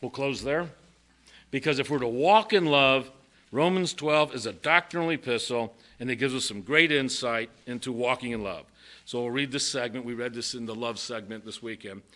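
A man's voice: mid-range voice, normal speed, bright, forceful tone. An older man preaching a sermon, reading verses and joking as he goes. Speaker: pastor.

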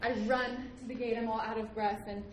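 A young woman from the United States tells a story in a casual, animated way. She laughs often and acts out the other people in it. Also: a little high, brisk. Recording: roomy with background noise.

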